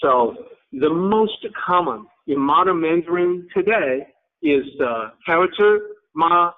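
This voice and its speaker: A man teaching a class, explaining patiently in short halting phrases and inviting students to guess. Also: a little high, expressive. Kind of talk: online class lecture. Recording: tinny phone-like line.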